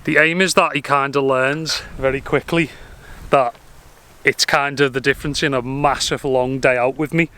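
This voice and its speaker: A man's voice: mid-range voice, fairly even intonation, moderate pace, pushed and bright. Chatty New man cycling outdoors. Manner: chatty, talks to his dogs while cycling. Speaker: vlogger. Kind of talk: casual vlog to camera. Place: outdoors, cycling with a dog trailer.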